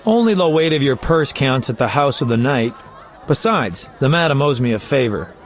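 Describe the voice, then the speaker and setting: A man's voice: medium pitch, lively intonation, normal speed, soft background music, natural voice. A man voicing a chatty, flamboyant male poet and bard who talks in a teasing, talkative way. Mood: coaxing. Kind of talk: video game voice acting.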